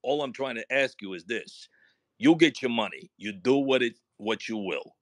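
A man's voice: medium pitch, moderate pace, a bit bright, dry recording. A man with a thick Italian accent, calling in to a radio talk show and sarcastically pressing the host with repeated questions. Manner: needling, sarcastic, repeats "right?". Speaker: caller. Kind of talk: combative call-in questioning.

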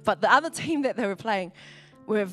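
A woman's voice: mid-range voice, lively intonation, fairly quick, fairly bright tone, faint music behind. A woman pastor gives a conversational sermon in a church hall, laughing often and acting out what people said. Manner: chatty, laughs often, acts out what others said.

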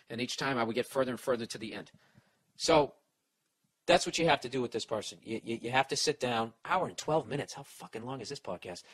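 A man's voice: mid-range voice, fast, fairly bright tone, poor audio. A man hosting a podcast, giving blunt, profane advice in a sarcastic rant.

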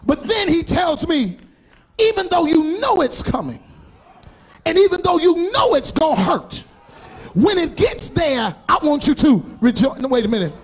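A middle-aged pastor preaching a sermon, building to shouts and chanted, half-sung phrases. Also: male voice, very high voice, sing-song, measured pace. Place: church sanctuary before a congregation.

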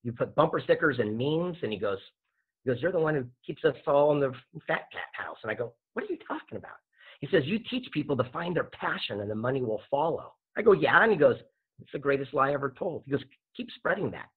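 A man, a podcast guest and author, telling a story with lively acted-out dialogue. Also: mid-range voice, quick pace, husky. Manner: animated storyteller acting out dialogue. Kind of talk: storytelling interview answer. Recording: tinny phone-like line.

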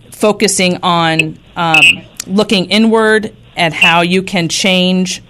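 A woman hosts a radio talk show, earnest and a little halting as she frames her questions. Her voice sits somewhat low. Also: a bit bright, slight background noise. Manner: hesitant, many ums and restarts, earnest. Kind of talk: radio interview.

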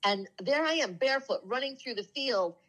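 A woman telling heartfelt personal stories in a casual spiritual talk, earnest and slowing down softly for the emotional moments. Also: sits high, lively intonation, rough recording. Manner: earnest, slows down and drops soft for emotional moments. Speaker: co-host of a spiritual talk show. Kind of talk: casual conversational storytelling.

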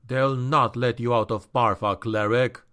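A man's voice: mid-range voice, fairly even intonation, unhurried, a bit bright, smooth, close to an everyday voice. A man voicing a defiant young male captive who snarls his words in an audiobook. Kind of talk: audiobook character voice.

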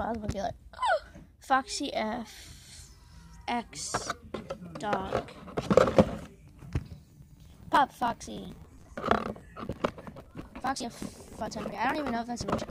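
A woman's voice: fairly high pitch, expressive, a little slow, pauses often. Silly rambling female vlogger, noisy recording. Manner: silly, scattered, jokey. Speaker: video maker. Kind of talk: casual rambling vlog. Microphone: headphones on, yelling at times. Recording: noisy hiss behind voice.

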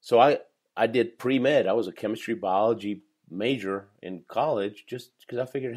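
A man's voice: fairly low pitch, moderate pace, a little mellow, breathy edge. A man in his fifties, a professional speaker, telling his life story in a podcast interview with energy and frequent laughter. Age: 50s.

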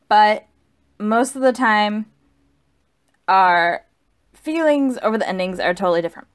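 A woman's voice: a little high, expressive, normal speed. A tipsy woman rambling through a casual, profane book review and correcting herself as she goes.

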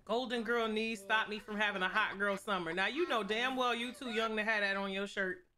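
A woman's voice: mid-range voice, steady tone, brisk, sharp tone. A young woman streaming a life-sim game, joking with her chat in a playful, slangy, casual way. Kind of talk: casual gameplay commentary.

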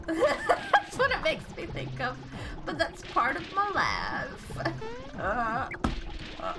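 A woman streaming a video game, chatting casually into a desk mic, excitable, laughing often and swearing offhandedly. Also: on the high side, noisy background. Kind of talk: casual gaming stream commentary. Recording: game music playing behind.

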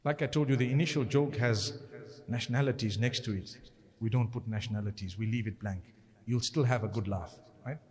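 A man's voice: mid-range voice, brisk, a little mellow. Man preaching in a reverberant hall. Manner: conversational, joking asides, pious interjections. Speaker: Islamic preacher. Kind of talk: sermon with jokes. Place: lecture hall.

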